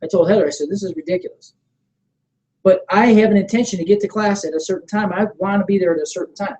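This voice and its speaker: Mellow-voiced man coaching a sales team. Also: fast talker, low-quality recording. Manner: energetic and coaching, often checks in with the room; acts out sample sales pitches in a calmer voice. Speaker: network marketing trainer. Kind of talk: motivational training seminar talk.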